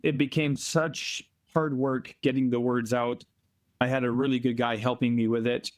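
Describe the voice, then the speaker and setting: A man from Canada, a volunteer being interviewed remotely, telling earnest stories in a plainspoken, emphatic way and slowing down to stress points. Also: medium pitch, little pitch movement. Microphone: remote call from abroad.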